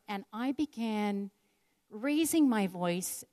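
A woman's voice: medium pitch, expressive, moderate pace, dark tone. An older woman telling a personal story in an earnest, reflective devotional talk. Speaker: speaker sharing a personal story.

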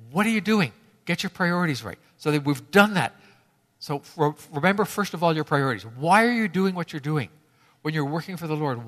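A man's voice: a little high, fairly bright tone, long reverb tail. A man preaching a sermon to his congregation, emphatic and fond of repeating key phrases for effect. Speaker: pastor.

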